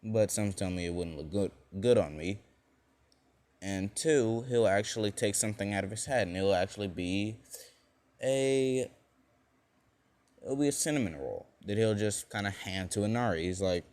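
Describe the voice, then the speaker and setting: A man's voice: fairly low pitch, normal speed, pauses often, a little mellow. A young man casually telling a fan-made alternate story, rambling along with lots of fillers and frequent self-corrections.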